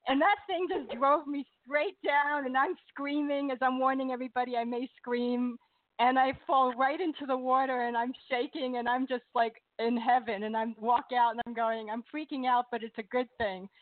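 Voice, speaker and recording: A woman phoning in to a radio show, telling a story in a bubbly, animated way and laughing often. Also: sits high, normal speed, no room sound. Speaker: caller. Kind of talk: excited phone-in storytelling. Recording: tinny phone line.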